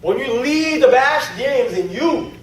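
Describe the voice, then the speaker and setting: A man giving an energetic, animated seminar talk to a room of people, acting out stories in voices. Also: very high-pitched, normal speed. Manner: animated storytelling with acted-out voices. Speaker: network marketing trainer. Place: large meeting room. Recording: echoey hall from far off.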